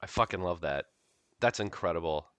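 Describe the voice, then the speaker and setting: A man in an improvised comedy chat who hypes the pitches with enthusiasm and rambles with many likes. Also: animated, a little fast, clean tone, dry recording.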